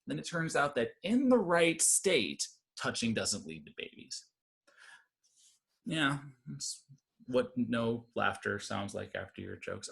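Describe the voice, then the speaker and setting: A man performing a stand-up comedy set, rambling with deadpan asides that climb into loud rants. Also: medium pitch, normal speed, creaky, husky.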